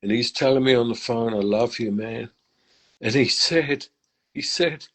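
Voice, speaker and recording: At a measured pace and in a mid-range voice, an older man from England, a musician guest, tells stories in an informal interview. He reflects warmly on faith with frequent restarts, captured on a low-quality recording.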